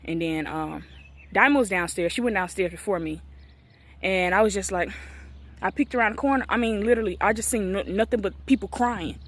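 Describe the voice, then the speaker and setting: A woman's voice: medium pitch, a little fast. Woman in her twenties telling a personal story. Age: 20s. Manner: emotional, acts out quoted dialogue. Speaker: vlogger. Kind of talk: casual storytelling.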